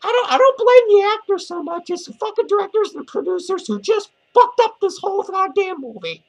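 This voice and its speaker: Putting on an exaggerated, gravelly, very high voice, a man briskly and animatedly performs a lonely woman clown turned film critic. The character is foul-mouthed and annoyed, ranting with profanity and laughing between lines in a comedic movie review.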